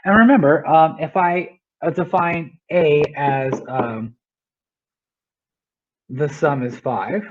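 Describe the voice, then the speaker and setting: A man's voice: on the high side, slow, long pauses, lo-fi sound. A male teacher explaining a math lesson step by step, often checking in with "right?".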